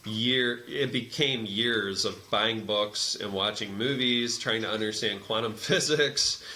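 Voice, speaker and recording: A man's voice: lowish voice, unhurried. A man, a massage therapist and energy healer, telling a story in casual conversation and acting out the dialogue as he goes. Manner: animated storyteller who acts out quoted dialogue. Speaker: meditation teacher.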